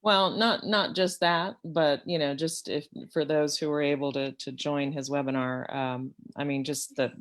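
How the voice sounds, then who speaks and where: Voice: medium pitch, fairly even intonation, measured pace, hardly any pauses. Board chair, stumbling and admiring. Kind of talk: board meeting remarks. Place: online video meeting.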